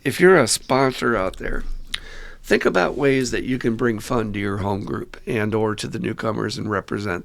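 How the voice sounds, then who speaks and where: A man's voice: lowish voice, gravelly. Guy on a podcast, loose storytelling, laughs a lot, cusses some. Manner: loose, animated storyteller, laughs often, swears casually. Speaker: podcast host and recovery sponsor. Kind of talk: casual storytelling chat.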